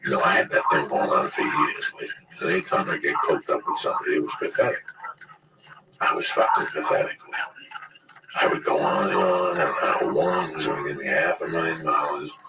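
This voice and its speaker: A man's voice: rumbling low, fairly even intonation, brisk. A man in his sixties in casual chat, telling rambling, profane stories as a podcast host. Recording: distant mic with loud background noise.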